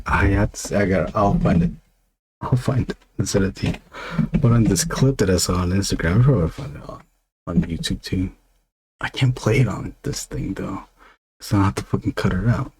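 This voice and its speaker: His low voice and darkish tone carry this meandering stream chat, packed with fillers and false starts as he works on his drawing. Slight background noise sits underneath.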